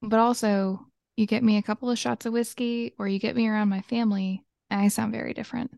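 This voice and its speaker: Woman co-host from Georgia, casual storyteller, gravelly voice, dry close mic. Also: medium pitch, level tone, fast, a little mellow, no echo. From Georgia, USA. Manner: chatty, laughs often, tells travel stories. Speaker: podcast co-host. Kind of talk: casual chat.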